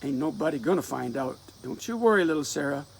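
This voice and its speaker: In a dramatic play reading full of rural dialect, a man gives voice to a bold, restless nineteen-year-old who both teases and reassures his sweetheart. His voice sits fairly high, quick and expressive, with some vocal fry. The delivery is confident and teasing, carrying a defiant yet wistful mood.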